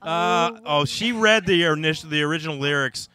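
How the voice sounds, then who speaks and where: A man's voice: on the high side, moderate pace, a crowd in the background. A man hosting a casual comedy podcast, joking and laughing through banter. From United States. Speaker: podcast host.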